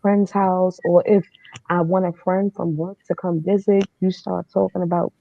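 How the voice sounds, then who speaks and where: A woman's voice: fairly low pitch, flat delivery, normal speed, creaky, mellow. A woman telling her own story as a guest, in a candid, matter-of-fact way with casual fillers. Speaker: podcast guest. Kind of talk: personal storytelling. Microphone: remote streaming setup. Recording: dull lo-fi online stream.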